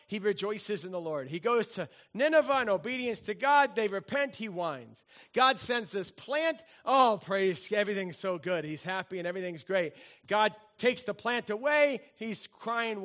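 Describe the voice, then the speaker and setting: Lively, bright-voiced man preaching. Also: sits high. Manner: animated, playful storytelling with sung bits. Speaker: pastor. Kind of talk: sermon.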